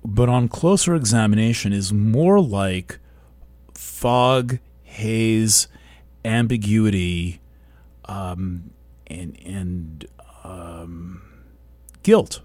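Slow, low-voiced reflective man. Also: darkish tone, no room sound. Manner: slow, thoughtful, halting with restarts. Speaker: host. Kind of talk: reflective monologue.

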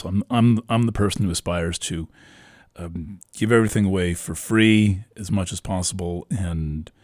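A male astrologer talks through a reading in a very low voice, stopping and restarting often as he searches for words. The sound is dry and close, with no room echo. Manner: halting, many restarts and fillers.

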